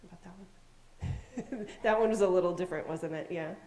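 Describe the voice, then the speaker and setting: Woman leading children's time in a sanctuary; mellow, animated storyteller, roomy echo. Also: fairly low pitch, normal speed. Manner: animated, asks questions, acts out voices. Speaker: children's message leader. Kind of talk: children's sermon, storytelling to kids. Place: church sanctuary. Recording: echoey sanctuary.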